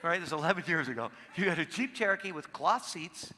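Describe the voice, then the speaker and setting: A man giving a live seminar talk, telling stories in an animated way and acting out the voices of people in them. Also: a little high, quick pace, in a large hall, crowd noise. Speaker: seminar speaker.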